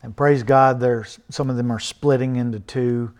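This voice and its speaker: A man preaching a sermon, emphatic and earnest, swinging from loud exhortation to quiet asides and mocking rhetorical questions. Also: medium pitch, fairly even intonation, normal speed.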